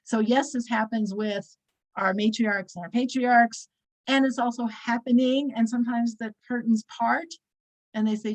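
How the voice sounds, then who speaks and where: A woman's voice: on the high side, fairly even intonation, normal speed, low-quality recording. A woman in her sixties teaching a weekly scripture class, talking casually and telling stories with many fillers and restarts. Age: 60s.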